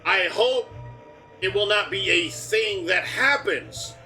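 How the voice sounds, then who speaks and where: A man's voice: high voice, slow pace, pushed and bright, faint music behind. A man streaming a game live, rambling and joking as he talks through the on-screen prompts. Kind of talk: casual live game commentary.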